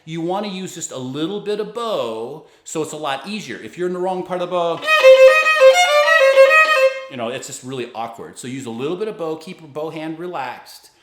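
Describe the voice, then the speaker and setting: A man giving a violin lesson, walking through each fingering and bow stroke with patient explanation and beats counted aloud. His voice carries around a reverberant room, and loud violin playing sits in the background. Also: fairly high pitch, expressive, normal speed, loud music behind the voice. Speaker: violin teacher. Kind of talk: instructional explanation.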